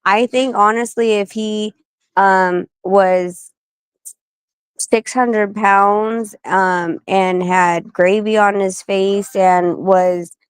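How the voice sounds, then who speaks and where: A woman guest on a talk stream, speaking bluntly, swearing freely and telling stories quickly. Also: medium pitch, fairly even intonation, smooth, no room sound. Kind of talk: casual talk-show chat.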